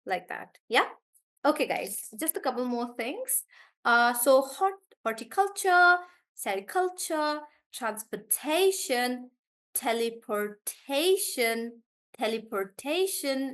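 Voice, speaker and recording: A woman teaching English pronunciation in a live class, repeating each word slowly to model the stress and calling on students by name. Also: a little high, fairly bright tone. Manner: calls on students by name and checks in with them.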